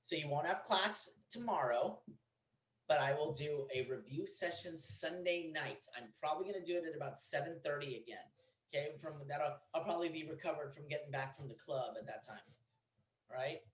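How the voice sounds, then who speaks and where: A man's voice: on the high side, brisk, fairly bright tone, roomy sound, rough recording. A man teaching a programming class, blunt and teasing, in a classroom. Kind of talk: classroom lecture.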